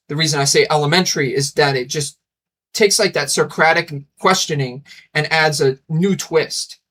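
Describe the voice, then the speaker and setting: A man's voice: fairly high pitch, fairly bright tone. A young man hosting a casual vlog, rambling enthusiastically and acting out bits of dialogue. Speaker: channel host. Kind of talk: casual talking-head vlog.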